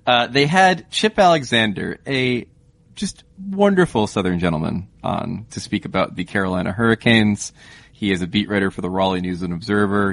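A man co-hosting a podcast, talking in a quick, wry, joking manner. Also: low-pitched. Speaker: podcast co-host. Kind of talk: casual podcast chat.

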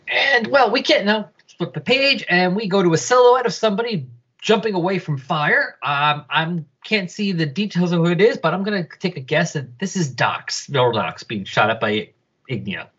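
A man co-hosting a casual podcast, reading out and describing a comic in an animated, joking way, on a dull lo-fi recording. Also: high-pitched, normal speed, slightly rough. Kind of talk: casual read-along chat.

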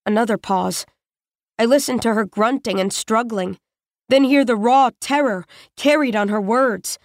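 A woman narrates a tense first-person story in a measured, intimate way. Her voice sits a little high for a woman. The recording is dry and close, with no room sound. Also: no room sound.

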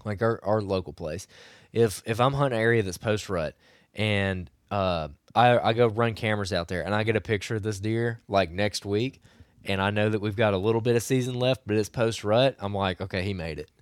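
Low-voiced man, slightly hoarse. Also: moderate pace, no echo, studio quality. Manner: rambling, coaching tone. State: losing his voice. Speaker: podcast co-host. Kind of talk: casual podcast chat.

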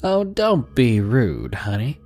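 A creepy older cowboy, put on by a male narrator drawls in a heavy southern accent, pushy and leering. The voice swings lively up and down in pitch over soft background music. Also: takes it slowly.

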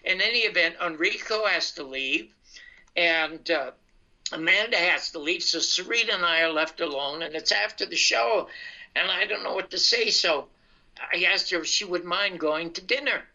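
An older man, a comedian, telling his life story in a casual, animated way and acting out the dialogue. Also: high-pitched, normal speed. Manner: animated anecdotal, acts out dialogue. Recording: dull lo-fi sound.

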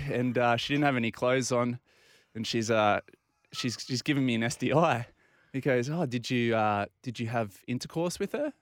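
An Australian man telling a long, animated anecdote on a casual talk show and acting out the other people's lines. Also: medium pitch, clear, resonant tone, no room sound. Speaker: regular guest. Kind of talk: casual storytelling.

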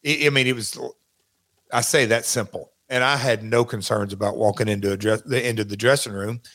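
This interview guest, recalling his wrestling days, has a fairly bright voice on the low side with fairly even intonation. He talks a little fast and casually, rambling with many false starts.

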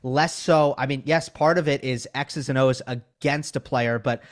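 A man co-hosting a podcast in casual sports-analysis chat, talking in a relaxed, conversational way with many fillers. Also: medium pitch, moderate pace. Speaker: podcast co-host.

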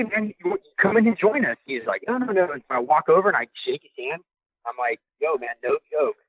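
A man telling a backstage story in a casual, animated way, acting out the things people said to him. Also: medium pitch, dry recording. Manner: animated, acts out quoted dialogue. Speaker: guest recounting backstage experience. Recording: tinny phone line.

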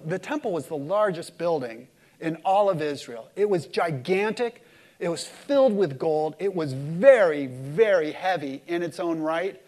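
Delivering a sermon, a male pastor leads the congregation in call-and-response, shifting from forceful, loud passages to quiet, slow ones. He speaks in a fairly high, expressive voice.

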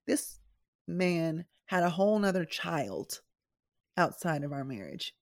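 A woman's voice: fairly low pitch, sing-song, moderate pace, no echo, clean studio sound. A middle-aged woman hosting a podcast, talking candidly and directly to her listeners in a chatty personal style. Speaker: podcast host and nurse.

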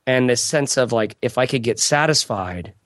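A man's voice: mid-range voice, expressive, moderate pace, no echo, clean studio sound. A man speaking as a podcast guest in casual conversation, rambling and reflective with many restarts and asides.

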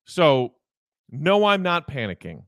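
A man hosting a solo sports podcast, talking in an animated, opinionated way with frequent restarts. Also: on the high side, slow, no room sound. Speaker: podcast host.

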